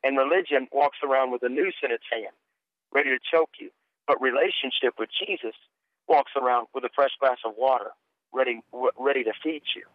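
Middle-aged preacher on a tinny phone line. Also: male voice, medium pitch, a little fast, no echo. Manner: earnest, repeats words when starting sentences. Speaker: guest preacher. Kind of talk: personal testimony storytelling.

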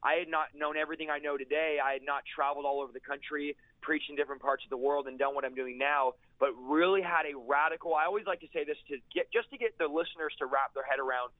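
A man with a somewhat high voice tells his conversion story with fervent intensity, piling phrase on phrase and repeating key lines for emphasis. The sound is dry and narrow, like a tinny phone line with no room around it. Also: no room sound. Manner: intense, fast-paced storytelling with emphatic repetition. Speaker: guest preacher sharing a testimony. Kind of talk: fervent personal testimony in an interview.

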